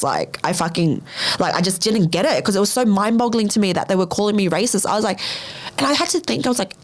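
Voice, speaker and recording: A young woman hosting her own podcast, telling a personal story bluntly, swearing a lot and scattering "like" fillers, and her voice jumps high when she replays her own reactions. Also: animated, fairly quick. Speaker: podcast host. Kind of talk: candid storytelling in a casual chat.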